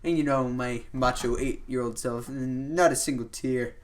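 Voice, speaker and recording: A young man on a casual podcast, spinning a story in a loose, rambling way. His voice sits at an ordinary middle pitch, and he keeps stringing thoughts together with "like" and "you know." It is relaxed, unscripted chat. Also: normal speed. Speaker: podcast host.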